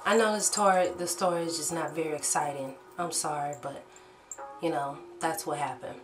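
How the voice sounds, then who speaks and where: Animated swearing woman telling a story. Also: sits low, normal speed, recorded from a distance, faint music behind. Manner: animated, swearing storyteller who acts out shouted quotes. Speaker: vlogger. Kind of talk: storytime vlog. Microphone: own camera.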